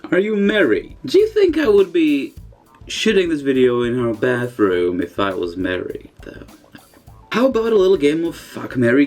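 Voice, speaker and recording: A man vlogging from a bathroom, firing off crude jokes as he works through a list of fan questions. His voice swings up and down in a lively sing-song, and soft music plays underneath. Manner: profane, joking, reads questions aloud then answers with wild pitch jumps. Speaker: vlogger answering forum questions. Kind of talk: casual Q&A vlog. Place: indoors in a bathroom.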